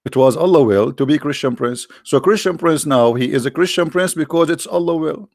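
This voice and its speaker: A man's voice: a little high, gravelly, a little mellow, no room sound, studio quality. Sarcastic man in mocking commentary. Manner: mocking, repetitive, halting non-native English. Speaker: religious debate host.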